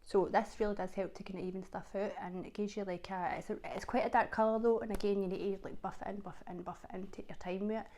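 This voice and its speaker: A woman's voice: medium pitch, level tone, fast talker, few pauses, dark tone. A woman from Scotland with a Scottish accent, chatting casually to camera as a vlogger, full of fillers and repeated words for emphasis.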